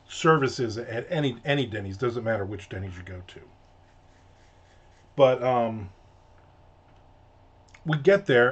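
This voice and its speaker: A man's voice: medium pitch, slightly rough, highs cut off. Exasperated man ranting about a diner visit. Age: adult. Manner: animated, exasperated, swears freely. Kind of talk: casual storytelling chat.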